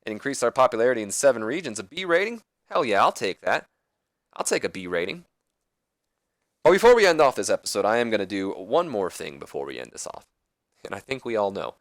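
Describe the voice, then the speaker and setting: A man's voice: mid-range voice, a bit bright, no room sound. A man casually commenting on his wrestling management game, rambling and correcting himself as he goes. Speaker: let's play host.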